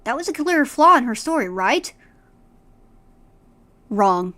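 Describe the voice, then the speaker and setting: A woman's voice: high-pitched, very animated, brisk, pushed and bright. A woman streamer reading a horror story aloud with dramatic delivery, then chatting casually with a friend.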